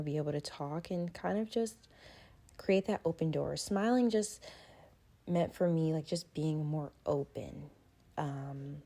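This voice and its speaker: Young woman vlogger, relaxed and chatty, warm low-pitched voice, candid sit-down talk. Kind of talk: casual sit-down chat about goals.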